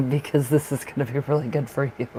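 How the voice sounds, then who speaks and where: A man's voice: medium pitch, steady tone, brisk, mellow, a little hiss or hum, rough recording. A man from the northern United States giving live-stream tarot readings in a chatty way, laughing often and repeating himself. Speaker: tarot reader.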